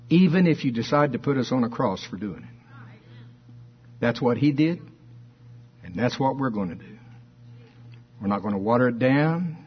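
Fervent preacher man, slightly husky. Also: mid-range voice, highs cut off. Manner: fervent, rising to emphatic exclamations and rhetorical questions; reads scripture slowly with dramatic stress. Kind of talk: sermon.

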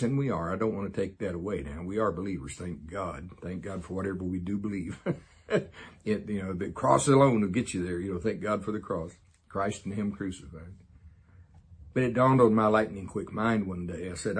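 Very husky man teaching the Bible. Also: deep voice, fairly quick. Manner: folksy, excitable, chuckling, jokey asides.

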